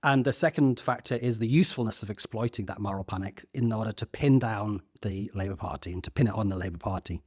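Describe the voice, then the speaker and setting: A man's voice: on the low side, fast, hardly any pauses, darkish tone, husky, no room sound. Earnest man, dry close sound. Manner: earnest, a few stammered restarts. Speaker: podcast co-host. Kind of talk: casual discussion.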